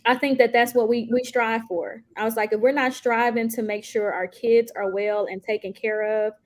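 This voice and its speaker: Encouraging woman co-host, higher voice. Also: level tone, moderate pace. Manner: encouraging, affirming interjections. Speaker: co-host, loan officer. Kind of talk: casual chat.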